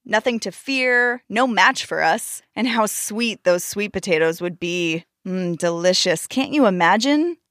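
A woman voicing a sly, scheming male hare trickster in a storybook tale, smooth and wheedling. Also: mid-range voice, animated, measured pace, hardly any pauses, fairly bright tone, dry recording, clean studio sound.

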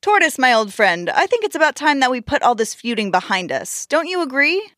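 A woman's voice: sits high, sing-song, brisk, a bit bright, no room sound, studio quality. Woman doing a sly scheming hare.

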